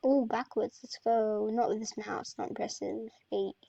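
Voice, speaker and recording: A woman's voice: a little high, fairly even intonation, moderate pace, vocal fry, dark tone, no echo, lo-fi sound. A woman from Australia, muttering frustrated commentary to herself while playing a game. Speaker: gamer. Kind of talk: casual gameplay commentary.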